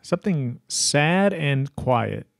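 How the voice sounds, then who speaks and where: A man's voice: a little high, lively intonation, slow pace, creaky, dry recording, clean studio sound. A man co-hosting a podcast in casual chat, curious and full of questions. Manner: curious, asks lots of questions. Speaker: podcast co-host.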